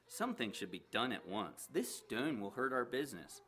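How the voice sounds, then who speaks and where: A man's voice: mid-range voice, very animated, normal speed, sharp tone, pitched above the performer's own voice. A man voicing an impatient, self-important merchant who speaks in a brusque, indignant way.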